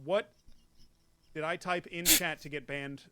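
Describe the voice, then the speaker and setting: A man hosting an online quiz game, playful and animated, often laughing. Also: on the high side, measured pace, a crowd in the background.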